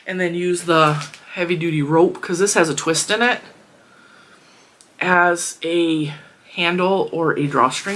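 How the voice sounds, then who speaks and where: A woman talks casually through her craft supplies, rambling with easy laughs. Her voice sits a touch low yet sounds bright and forward. She is congested and slightly wheezy, speaking from a small closed room at home. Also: a little hiss or hum. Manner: chatty, rambling, laughs often. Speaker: crafting vlogger. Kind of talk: casual product review chat.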